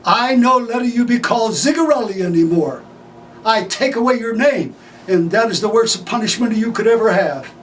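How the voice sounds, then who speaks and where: Stern, proud old immigrant father, as his son puts him on, broken English, solemn and emphatic, high lively voice, heard from a distance with faint background noise. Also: unhurried, long pauses.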